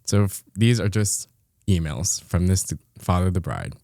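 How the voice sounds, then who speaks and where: A man's voice: low voice, expressive, moderate pace, creaky, warm tone, dry recording. Man reading a listener story, amused. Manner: dry, amused, laughs often while reading. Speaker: podcast co-host.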